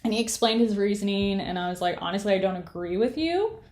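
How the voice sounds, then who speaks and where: A woman's voice: medium pitch, animated, fast talker, darkish tone. A woman in her late twenties, co-hosting a casual podcast chat and animatedly retelling a bad date, acting out both sides of the conversation. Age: late 20s. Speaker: podcast co-host. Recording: echoey room.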